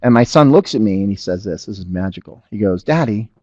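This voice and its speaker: In a muffled recording with no room sound, a middle-aged man with a lowish voice talks at a quick pace during a business webinar. He's an animated storyteller recounting a family tale and repeatedly asking the audience whether it makes sense and if they agree.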